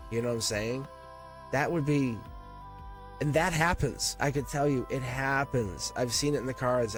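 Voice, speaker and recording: Rambling man hosting a live tarot stream. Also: medium pitch. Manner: rambling, repeats words, restarts sentences often; earnest and encouraging, now and then swears. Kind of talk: live-stream tarot reading and chat to viewers.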